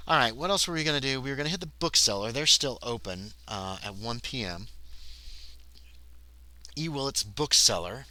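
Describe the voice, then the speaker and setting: A man's voice: mid-range voice, big pitch swings, moderate pace, bright, forceful tone. A man livestreaming a solo tabletop game, reading the game text aloud and chatting casually in between. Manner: reads game text aloud, then chats casually to himself and chat. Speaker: solo game player, streamer.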